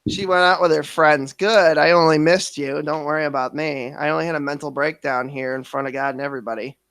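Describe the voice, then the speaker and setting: A man's voice: fairly high pitch, steady tone, fairly quick, creaky, a bit bright, no room sound. Laid-back man joking crudely. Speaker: streamer host. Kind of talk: profane casual chat.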